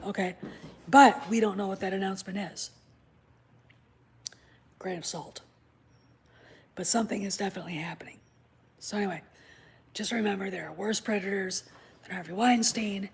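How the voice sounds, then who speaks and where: At home, a puppy close by, this vlog host speaks frankly, swearing and slipping in conspiratorial side comments. Her mid-range voice sounds slightly rough.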